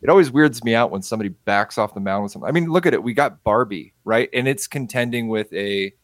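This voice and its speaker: A man's voice: medium pitch, fast, no echo. A man co-hosting a casual pop-culture chat, opinionated and jokey, ranting with rhetorical questions. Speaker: co-host.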